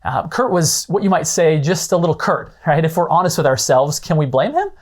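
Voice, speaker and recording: A podcast host delivers an instructional monologue, explaining ideas conversationally and frequently checking in with questions. His voice is fairly high and brisk, with big pitch swings.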